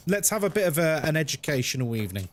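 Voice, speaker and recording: A man's voice: a little high, big pitch swings, fast, a little hiss or hum. A man streaming a game, chatting playfully and reading chat messages aloud. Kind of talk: casual live-stream chat.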